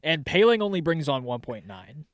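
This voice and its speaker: A man's voice: fairly high pitch, sing-song, normal speed, no room sound, clean studio sound. A young man co-hosting a podcast, chatting loosely about hockey, cursing and laughing often. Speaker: podcast co-host. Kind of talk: casual sports chat.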